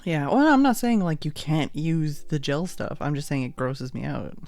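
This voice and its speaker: A woman's voice: deep voice, big pitch swings, normal speed, darkish tone, no echo. Chatty rambling woman livestreamer. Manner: rambling, chatty, laughs often. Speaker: livestream host. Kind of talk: casual chat while making art on stream.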